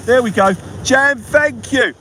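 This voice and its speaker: A man with a fairly high voice and an unhurried delivery hosts a casual fishing livestream. He chats loosely and cheerfully thanks viewers by name as they come in. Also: rough recording. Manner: chatty, thanks viewers by name, sings along to music. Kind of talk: casual live-stream chat.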